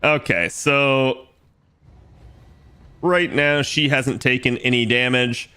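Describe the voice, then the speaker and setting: A man's voice: mid-range voice, fairly even intonation, slow, pushed and bright, clean tone. A man streaming a strategy game, casually explaining his moves aloud and swearing now and then. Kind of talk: casual gameplay commentary.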